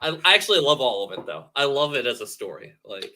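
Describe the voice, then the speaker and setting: A man co-hosting a casual streamed podcast, joking and animated, often slipping into quoted voices. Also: mid-range voice, fast. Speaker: podcast co-host.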